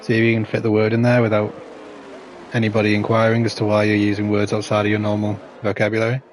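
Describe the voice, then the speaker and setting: A man's voice: fairly low pitch, monotone, fast talker, slight background noise. A man, casually commentating a sim race and chatting with a rambling, dry sense of humour.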